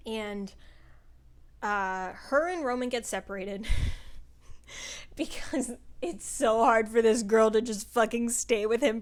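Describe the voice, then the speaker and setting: Chatty woman rambling through a book review. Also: mid-range voice. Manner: chatty and rambling, with frequent "like" and profanity; laughs often while talking. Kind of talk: casual spoken book review.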